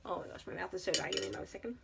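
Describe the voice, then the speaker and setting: A woman's voice: mid-range voice, steady tone, very fast, vocal fry, heavy background noise. A young woman chatting casually to camera, rambling and incredulous, with laughing asides. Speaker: vlogger.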